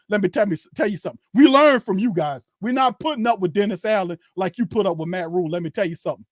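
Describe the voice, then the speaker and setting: A man's voice: sits high, dry recording, clean studio sound. A man hosting a sports show, ranting in a heated, profane way and speaking straight to his viewers and chat. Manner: addresses viewers and chat directly. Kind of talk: angry sports rant.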